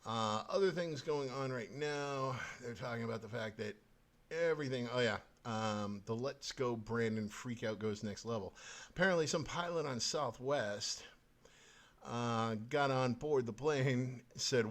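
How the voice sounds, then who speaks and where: A man's voice: mid-range voice, a little slow. Swearing, ranting male podcast host. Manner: angry, swearing, scornful. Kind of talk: profane political rant.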